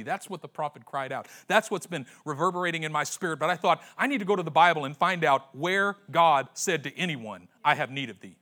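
Animated, bright-voiced preacher man. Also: a little high, brisk, hardly any pauses. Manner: dramatic storytelling, acting out characters in slangy voices. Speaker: pastor. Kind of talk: sermon.

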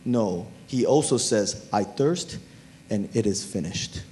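A man preaching a sermon as pastor, animated and talking straight to his listeners, even humming tunes to make a point. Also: lowish voice, slow, slight background noise. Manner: animated preaching, talks to the crowd.

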